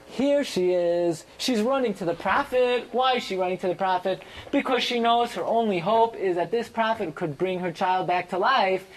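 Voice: medium pitch, moderate pace, few pauses, slight background noise, rough recording. A Torah teacher giving a verse-by-verse Bible class, reading Hebrew phrases and translating each into English with dramatic emphasis. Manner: dramatic, swings sharply up for emphasis.

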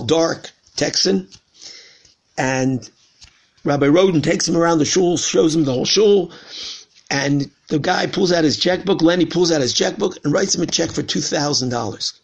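A rabbi from Washington, D.C., USA, with a fairly high, slightly rough voice gives a conversational Torah lesson. He's earnest, telling a story built on repeated phrases.

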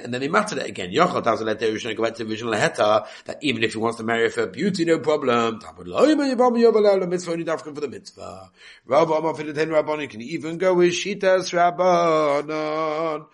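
A man's voice: medium pitch, fairly bright tone. A man giving a Talmud study lecture, reading the text aloud and explaining it in English with many rhetorical questions. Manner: mixes Aramaic readings with quick English explanation. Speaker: Talmud teacher.

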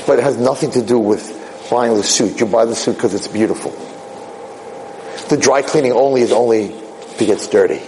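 A man giving a casual, animated Torah talk, telling a parable with quick asides. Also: medium pitch, slight background noise, poor audio. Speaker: rabbi lecturer.

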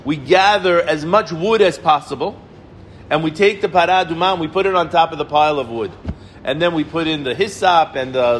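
A middle-aged man leads an informal Torah lesson in a fairly high voice. He is animated, asks questions and answers them himself, and hammers home words by repeating them. A faint background hum sits under the voice. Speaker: rabbi teaching the weekly Torah portion.

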